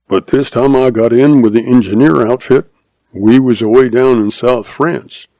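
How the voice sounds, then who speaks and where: A man's voice: mid-range voice, gravelly, dark tone, no echo, low-quality recording. A man reading an old-west story aloud in a drawling cowboy dialect, plain and dry in manner. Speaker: narrator.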